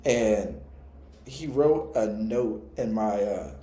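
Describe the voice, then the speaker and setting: Relaxed young man, mellow voice, roomy sound. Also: on the low side, slow pace. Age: young adult. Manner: relaxed, slangy, reflective. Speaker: podcast co-host. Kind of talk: casual storytelling.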